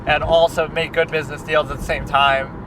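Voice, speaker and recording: A man's voice: fairly high pitch, flat delivery, fairly quick. A man in a casual reaction chat as a film critic, rambling and conversational, with lots of fillers and restarts. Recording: distant mic with street traffic noise.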